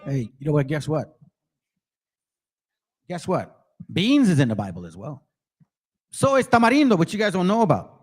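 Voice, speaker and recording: A man's voice: a little high, huge pitch swings, moderate pace, pauses often, a little mellow, breathy edge. A man hosting his own channel, delivering combative religious commentary, mocking and confronting viewers directly and reading passages aloud between remarks. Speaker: channel host.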